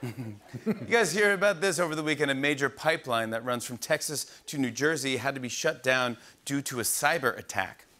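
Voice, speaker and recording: A man's voice: medium pitch, lively intonation, moderate pace. A man in his forties hosting a late-night comedy monologue, giggling at his own jokes. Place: TV studio with live audience. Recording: broadcast with loud audience laughter.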